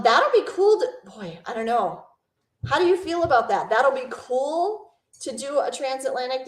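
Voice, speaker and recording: Chatty woman, rather high voice, echoey room. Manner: chatty, rambling, reads viewer comments aloud and asks questions. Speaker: travel vlogger hosting a live Q&A. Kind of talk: casual live-stream chat with viewers.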